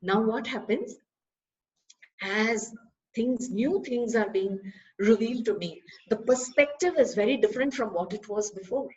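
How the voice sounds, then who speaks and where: A woman giving a spiritual discourse, lively and full of rhetorical questions. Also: on the high side, unhurried, dull audio. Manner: animated, asks rhetorical questions, acts out dialogues. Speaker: spiritual teacher.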